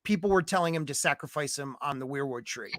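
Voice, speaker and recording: A man hosting a podcast, chatting casually and getting excited as he agrees with his guest. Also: on the high side, fast, no echo, clean studio sound. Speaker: podcast host.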